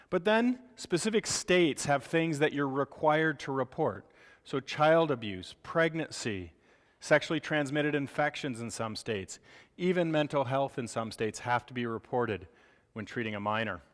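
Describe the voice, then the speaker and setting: A man giving a live medical lecture to clinicians, animated and joking, acting out parents' reactions. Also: medium pitch, in a large hall.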